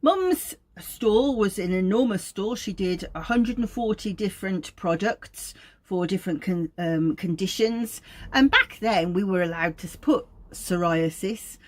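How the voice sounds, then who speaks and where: A woman's voice: medium pitch, expressive, measured pace. A woman, an aromatherapist, giving an informal teaching talk in a meandering, anecdotal way.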